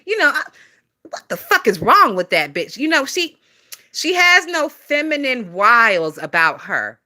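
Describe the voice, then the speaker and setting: A woman's voice: on the high side, big pitch swings, unhurried, pushed and bright. A young woman hosting a casual gossip stream, reading viewer comments aloud and reacting bluntly with lots of swearing and frequent laughter. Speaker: commentary channel host.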